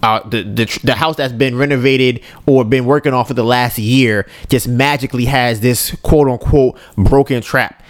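A man of middle pitch tells an animated, joking story, like a casual podcast host. His voice sounds close and dry, with no room echo around it. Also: moderate pace.

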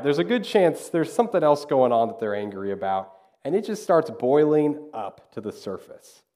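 A man delivers a sermon in a relaxed, chatty preaching style. His voice has a warm, mellow tone. He sits at an ordinary pitch for a man. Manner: conversational preaching with acted-out asides. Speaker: pastor.

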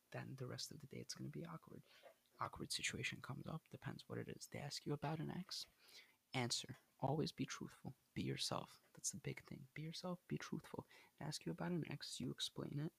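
Gravelly, husky young man giving advice. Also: mid-range voice. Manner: blunt, coaching, animated storytelling. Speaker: podcast host giving dating advice. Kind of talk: casual advice monologue.

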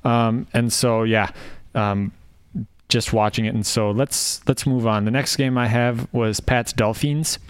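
A man's voice: medium pitch, fairly even intonation, measured pace, clean tone, no room sound. A man co-hosting a casual football podcast, teasing and dryly sarcastic. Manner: dry, teasing, sarcastic jokes. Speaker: podcast co-host. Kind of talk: casual sports chat.

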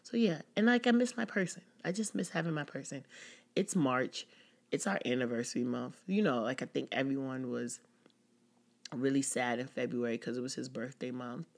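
A woman's voice: rumbling low, moderate pace. A woman hosting a casual personal podcast, talking candidly and rambling with many "like"s. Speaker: podcast host.

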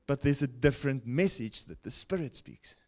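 A man preaching a broadcast sermon, with animated rises and falls and frequent "okay?" check-ins to his listeners. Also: medium pitch, moderate pace. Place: broadcast teaching setting.

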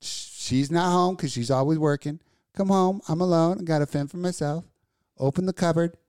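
A woman co-hosting a podcast, telling a story in a casual, animated and profane way. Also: deep voice, normal speed, smooth, no room sound, studio quality. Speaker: podcast co-host. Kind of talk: casual chat.

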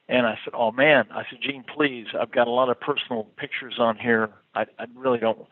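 A man's voice: medium pitch, normal speed, few pauses, dry recording. Chuckling man telling tour stories. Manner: rambling, chuckling storyteller with many fillers. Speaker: touring musician. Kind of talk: casual anecdote telling. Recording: tinny phone-like line.

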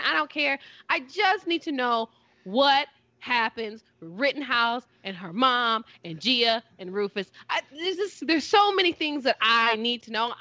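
Bright, expressive woman on a podcast. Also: a little high, no room sound. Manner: expressive, emphatic storytelling. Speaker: podcast co-host. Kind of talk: casual podcast chat.

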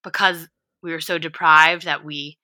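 A woman guest on a casual podcast talks in a lowish but bright, sharp voice. She hesitates a lot and fills her speech with "like", recorded dry and close. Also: fairly even intonation, moderate pace, no echo. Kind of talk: casual chat.

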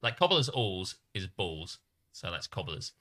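An English man co-hosting a relaxed chat, swinging his pitch all over as he tells stories and laughs. His tone is very bright and cutting, and he often breaks into laughter or squeaky mock voices. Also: measured pace. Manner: animated storyteller, often laughing, jumps into high mock voices. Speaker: podcast co-host. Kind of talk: casual banter with laughter.

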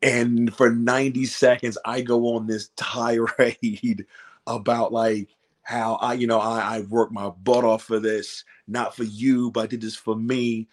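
Give me a man guesting on a wrestling podcast, animated, acting out quotes as he tells a story. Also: mid-range voice, moderate pace. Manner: animated, acts out quotes, swears freely. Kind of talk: casual storytelling in a podcast interview.

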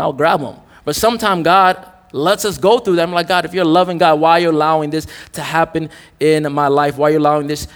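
The echo of a church hall surrounds this young adult man's sermon. With a slightly high, fairly bright voice, he jokes and talks candidly, as if chatting with the congregation in front of him.

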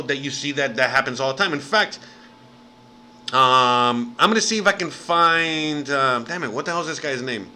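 American guy ranting on his vlog, swears a lot, kinda high pitched, rambles w/ "you know what i mean". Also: sharp tone. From United States. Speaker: vlogger. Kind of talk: casual rant to camera. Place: living abroad in Mexico.

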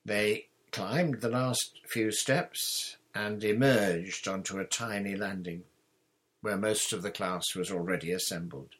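A man narrating an audiobook in a measured, expressive reading. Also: on the low side, breathy edge.

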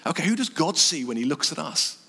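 A man preaching a sermon in earnest short phrases, dropping his voice low on key words. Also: big pitch swings, brisk, creaky, bright, forceful tone, husky. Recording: long reverb from a hall.

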